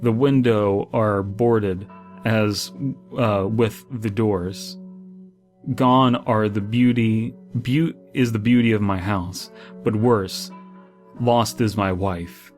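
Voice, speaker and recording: A man's voice: fairly low pitch, steady tone, slow pace, a little mellow. A man reading a horror story aloud and breaking off into sarcastic, exasperated commentary full of fillers. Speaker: horror story reader and critic. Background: faint background music.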